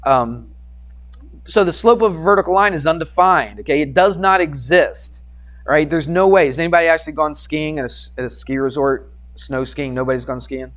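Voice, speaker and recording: A male math teacher telling a classroom story in a lively lecture, acting out quoted voices and sound effects for his students. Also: fairly high pitch, moderate pace.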